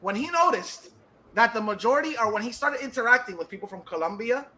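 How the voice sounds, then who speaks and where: A man's voice: very high voice, expressive, quick pace, pushed and bright. A man from Puerto Rico co-hosting a podcast, arguing in a casual, repetitive way, swearing and mixing Spanish into his English. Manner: argumentative, repeats himself, mixes Spanish and English, swears. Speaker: podcast co-host.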